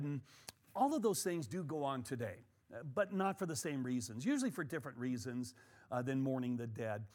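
A middle-aged man leads a Bible study in a loose, conversational way. His voice sits a little high, and he often doubles his words and leans on fillers as he talks. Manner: conversational and animated, many fillers and repeated words. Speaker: pastor teaching a Bible study.

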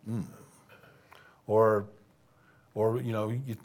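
A man's voice: lowish voice, little pitch movement, very slow, darkish tone. A man preaching a sermon in a conversational way, stopping to restart phrases and acting out what people might have said. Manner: conversational, acts out quoted voices, frequent restarts.

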